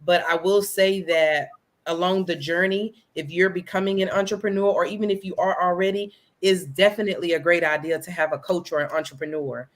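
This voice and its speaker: A woman entrepreneur speaks casually in a live interview. Her voice sits a little low, and she keeps checking in with her listeners as she talks. Her throat catches now and then. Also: a little fast. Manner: animated, repeats "you know" and "right?", speaks to the audience as "y'all". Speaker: guest entrepreneur.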